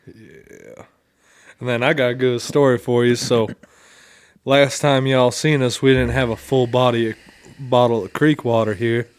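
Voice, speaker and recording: Man, podcast co-host, casual rambling chat, lots of swearing, smooth resonant voice, dry close sound. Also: mid-range voice, little pitch movement, measured pace, dry recording. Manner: loose, profanity-heavy, rambling.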